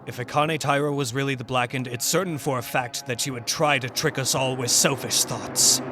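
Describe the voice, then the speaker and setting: A man voicing a cold, calculating young male student in a fan dub, speaking in a measured, lecturing way. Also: mid-range voice, fairly even intonation, music in the background, lightly acted.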